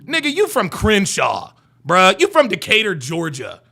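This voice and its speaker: A man's voice: high voice, unhurried, vocal fry. A man hosting a live stream, reading chat comments aloud and answering them with profane, mocking rants. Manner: profane, mocking, animated ranting. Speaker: livestream host reading chat.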